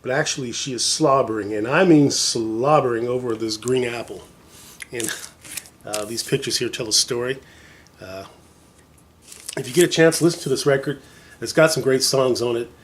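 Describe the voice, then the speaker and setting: In a laid-back show-and-tell vlog, a man eagerly walks through his records, meandering with fillers and jokes along the way. His mid-range, fairly bright voice moves at a moderate pace with long pauses. A little hiss or hum can be heard.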